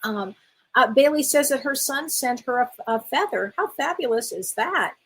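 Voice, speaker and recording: On a poor recording, a high-pitched, expressive woman speaks at normal speed with a breathy edge. The middle-aged spiritual medium reads comments aloud during her casual live-stream Q&A, warm and fond, calling each viewer honey.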